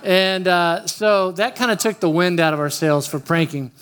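A man preaches in a light, high voice. He opens with a casual, joking personal story and keeps talking straight to the people in front of him. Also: fairly even intonation, normal speed, fairly bright tone, smooth. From Oklahoma, USA. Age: 50s. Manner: chatty, joking, talks straight to the room. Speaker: pastor. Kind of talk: storytelling sermon.

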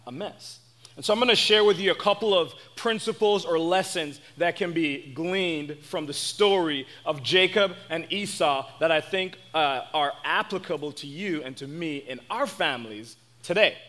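A man preaching a sermon, retelling a Bible story in casual words and speaking earnestly and directly to his listeners. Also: a little high. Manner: animated storyteller, acts out the characters; earnest, direct address to the audience.

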